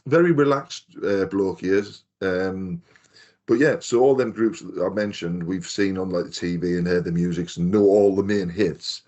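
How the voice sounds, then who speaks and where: Male podcast co-host, lowish voice, rambling anecdotal storyteller. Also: moderate pace, a little mellow, lo-fi sound. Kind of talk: casual chat.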